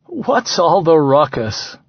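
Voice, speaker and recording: A man's voice: on the high side, very animated, slow, creaky, husky, no room sound, exaggerated voice. A man voicing a mild, reasonable father in an audiobook. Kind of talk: audiobook character voice. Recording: slightly dull, dry recording.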